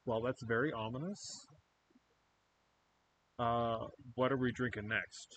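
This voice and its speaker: A man's voice: medium pitch, fairly even intonation, slow, a bit bright, slight background noise. Man casually narrating as game master. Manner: loose, descriptive narration full of "like" and "sort of".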